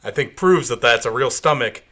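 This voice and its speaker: A man with a bright, crisp-edged voice trades dry quips in a casual podcast about comics. He mostly cuts in with short jokes and questions, at a middle pitch for a man. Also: expressive, normal speed. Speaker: podcast co-host. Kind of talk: casual comic book chat.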